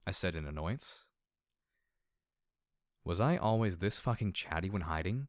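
A man with a low, fairly deep voice narrates a first-person story in a reflective tone, with a dry, sardonic edge. The recording is close and dead, with no room sound at all. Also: lively intonation, unhurried, long pauses, no room sound. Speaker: audiobook narrator.

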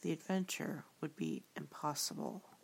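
A woman reading the part of a busy, solemn male rabbit, speaking in a hushed way. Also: low-pitched, very animated, moderate pace, gravelly, husky, exaggerated voice.

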